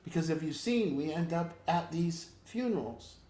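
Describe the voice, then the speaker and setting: A man's voice: on the high side, expressive, normal speed, mellow, echoey room. A man leading an informal group talk as a recovery program counselor, earnest and emphatic, rambling with restarts.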